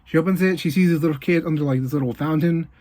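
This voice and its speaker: A man with a somewhat high voice talks through a movie plot in a casual, animated recap. He keeps leaning on fillers and dropping quick asides as he goes. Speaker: movie reviewer. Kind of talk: casual spoken movie review.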